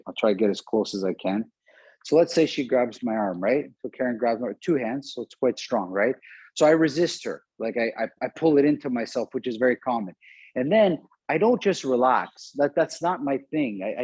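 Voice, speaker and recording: A man's voice: mid-range voice, darkish tone, husky, no room sound, low-quality recording. A man teaching a live online martial arts class, conversational and often checking in with questions. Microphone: video call.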